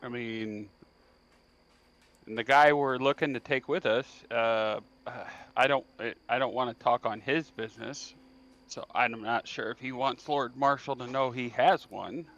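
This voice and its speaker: A man talks through his party's next moves in an online tabletop game, weighing options out loud and pitching his case. His voice sits at an ordinary middle pitch, and his mic sounds dull and lo-fi. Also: fairly even intonation, a little slow. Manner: thinking aloud, persuasive planning. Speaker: player. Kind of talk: tabletop role-play discussion.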